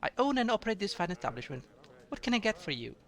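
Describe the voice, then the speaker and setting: A man's voice: high voice, sing-song, fast talker, a bit bright, pitched above the performer's own voice, full character voice. A man playing a fussy tavern keeper lady. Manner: fussy, calls the listener dearie. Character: fussy middle-aged woman tavern keeper, sweet, afraid of bugs. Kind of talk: reading game dialogue aloud.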